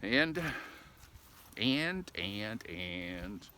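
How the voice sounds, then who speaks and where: A man's voice: on the low side, very animated, very slow. Folksy older man rambling on a walk. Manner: folksy, talkative, ends lines with "eh?". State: slightly out of breath from walking. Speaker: vlogger. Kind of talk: casual rambling monologue. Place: outdoors on a country road. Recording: noisy outdoor recording. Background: dogs and rural outdoor sounds.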